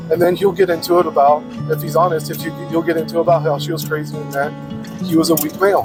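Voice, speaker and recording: Guy preaching blunt in a casual monologue, cusses a lot, pretty high voice. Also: flat delivery, quick pace, music in the background. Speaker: podcaster.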